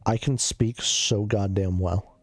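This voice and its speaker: A man's voice: fairly low pitch, steady tone, takes it slowly, dry recording, soft background music. A man streaming a casual chat while sick. He coughs, sounds loopy and rambles, swearing a lot.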